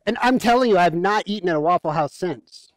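A male pastor delivers a sermon in a relaxed, joking, storytelling manner. His voice sits high for a man. The sound is dry and close, with little room echo. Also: a little fast. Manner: conversational, humorous storytelling. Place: church.

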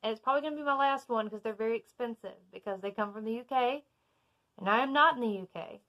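A Southern woman who runs a book YouTube channel does a casual unboxing in her bedroom, chatty and excitable as she gushes over each item. Her voice is fairly high and quick, and the audio is dull.

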